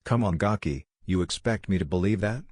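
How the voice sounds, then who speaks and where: A man's voice: low-pitched, brisk, a little mellow, no echo, studio quality. A man voicing a nosy, lecherous older male ninja in a fanfiction reading, with a pushy delivery.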